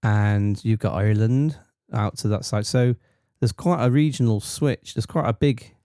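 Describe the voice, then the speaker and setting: A middle-aged man co-hosts a casual chat, teasing and pressing with questions. His voice is mellow and relaxed. The sound is dry and close. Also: fairly low pitch, normal speed, clear, resonant tone, dry recording. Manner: teasing, quizzing, talks over others. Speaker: podcast co-host, dad.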